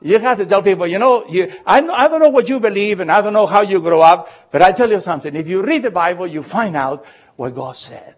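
High-pitched guy preaching, really animated, keeps repeating words, dull lo-fi recording. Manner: emphatic, repeats words, reads scripture slowly. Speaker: pastor. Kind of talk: sermon.

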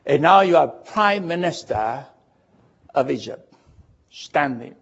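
Preacher, male, high husky voice, animated storyteller who puts questions to the congregation, dull lo-fi recording. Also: slow. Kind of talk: sermon retelling a Bible story.

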